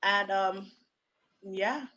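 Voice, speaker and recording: A woman from Bermuda, a podcast guest, telling lively stories in casual chat over a video call and laughing often. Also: mid-range voice, very slow, muffled recording.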